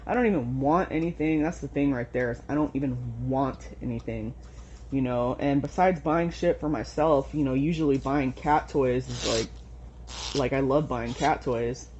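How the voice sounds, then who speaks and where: A woman's voice: rumbling low, steady tone, moderate pace, darkish tone, a little hiss or hum. Young woman, casual vlog rant, swears a lot, muffled home recording. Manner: frustrated, swears often, rambling. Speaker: vlogger. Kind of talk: casual venting monologue.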